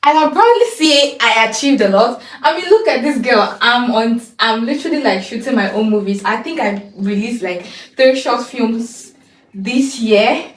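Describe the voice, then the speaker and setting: A young adult woman vlogging in a casual, excited, slangy way about her year and unboxing gifts. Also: on the high side, moderate pace. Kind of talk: casual vlog chat. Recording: echoey room from a distance.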